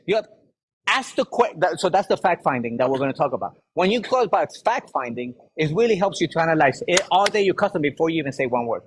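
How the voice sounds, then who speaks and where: A man leading a sales workshop, giving an energetic motivational talk and firing rhetorical questions at the audience. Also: a little high, quick pace, slightly rough, rough recording. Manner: acts out quoted people in lively voices.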